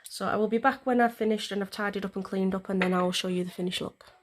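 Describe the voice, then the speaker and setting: This medium-pitched woman talks fast with fairly even intonation. As a vlogger, she goes through a nail tutorial step by step, rambling conversationally with plenty of fillers.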